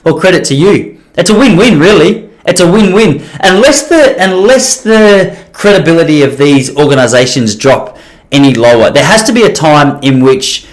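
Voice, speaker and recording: A man's voice: a little high, animated, moderate pace. A man hosting a solo podcast, rambling and self-deprecating, with many restarts. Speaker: podcast host.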